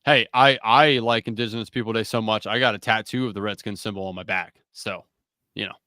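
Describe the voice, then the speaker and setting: Wry laid-back man, smooth clear voice. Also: on the low side, steady tone, brisk, pushed and bright, no echo, clean studio sound. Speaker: podcast co-host. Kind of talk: casual sports betting chat.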